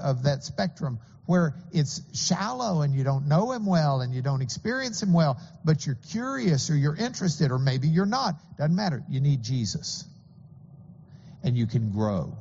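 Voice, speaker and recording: A man's voice: a little high, warm tone, breathy edge, in a large hall, highs cut off. A man preaching a sermon as pastor, earnest and explanatory, with occasional stammering restarts.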